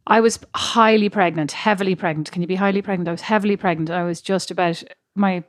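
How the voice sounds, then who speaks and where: A woman's voice: on the low side, fast, dry recording. Dry, close-miked woman telling stories with gusto. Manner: animated, self-mocking storytelling with laughs. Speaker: podcast co-host. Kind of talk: casual chat.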